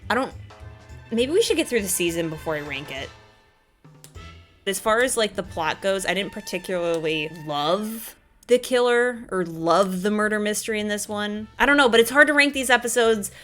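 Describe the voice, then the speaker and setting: A woman hosting a casual chat, animated and enthusiastic, often laughing as she talks. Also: medium pitch, normal speed, soft background music. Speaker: host.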